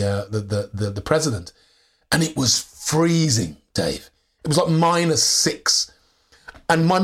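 An English actor, a man, telling anecdotes as a guest in a candid interview, restarting sentences and laughing often. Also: on the high side. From England. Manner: animated storyteller, many restarts and laughs.

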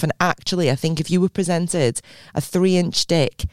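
A woman's voice: lowish voice, normal speed, darkish tone, no room sound, clean studio sound. A young woman co-hosting a casual podcast, chatty and teasing. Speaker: podcast co-host. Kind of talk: casual banter.

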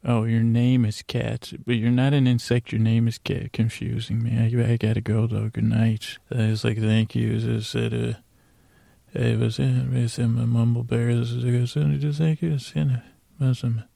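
A man's voice: mid-range voice, completely flat delivery, normal speed, vocal fry, mellow, no echo. A man hosting a bedtime podcast, rambling and mumbling with playful asides as he thanks listeners. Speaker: podcast host.

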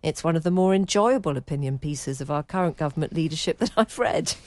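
A woman with a low voice hosting a podcast, reading listener emails with dry, playful humour. The sound is close and dry, with no room echo. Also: lively intonation, fast talker, a little mellow. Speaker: podcast host.

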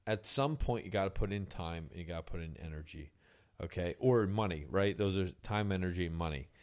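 A man's voice: deep voice, brisk, a little mellow. A young man hosting a casual podcast chat about music, loose and profane, often trailing off and restarting.

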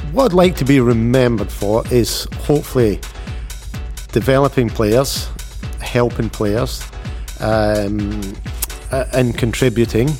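A man speaking as a football coach in an interview clip, measured and thoughtful. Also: lowish voice, darkish tone. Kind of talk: interview answer.

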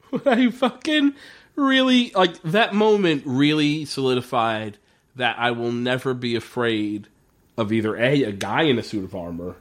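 Male podcast co-host, casual and profane, laughs through his recap. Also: medium pitch. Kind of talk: casual chat recapping a TV episode.

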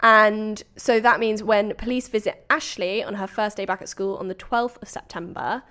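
A woman narrating a true crime case to a friend in casual chat. She tells it with energy and slips into voices for the people in the story. Her pitch sits in the middle. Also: moderate pace, smooth. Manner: animated storytelling with acted quotes and laughter. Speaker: podcast host telling a true crime story.

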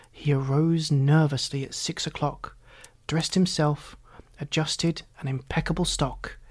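Brief: steady, formal audiobook narrator, even mid-range voice. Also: medium pitch. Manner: measured, formal storytelling.

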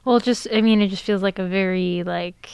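A woman of twenty-two chatting casually about music as a podcast co-host, relaxed and full of fillers. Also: medium pitch, brisk, gravelly, clean tone, dry recording.

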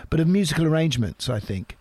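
A man's voice: a little high, sing-song, quick pace, dark tone, no echo. A man hosting a podcast, chatting casually and laughing often. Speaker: podcast host. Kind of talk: casual chat.

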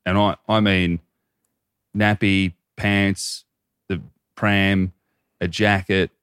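Aussie guy, 30s, low voice, swears a lot telling stories, dry close mic. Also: flat delivery, very slow, fairly bright tone, clean tone, dry recording. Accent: Australian. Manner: profane, rambling anecdotes. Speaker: podcast co-host. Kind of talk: casual chat.

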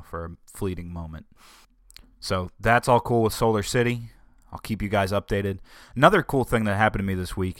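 Rambling, low-voiced podcast host man. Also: fairly bright tone, no echo, clean studio sound. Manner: rambling and conversational, griping with wry humor. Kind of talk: casual solo podcast talk.

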